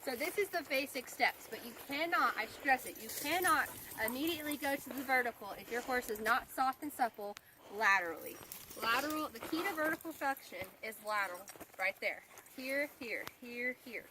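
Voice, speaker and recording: A horse trainer with a high-pitched, lively voice talks a rider through things at normal speed as she rides outdoors, chatty and instructional, driving points home by repeating key words. Hoofbeats come through in the noisy outdoor recording.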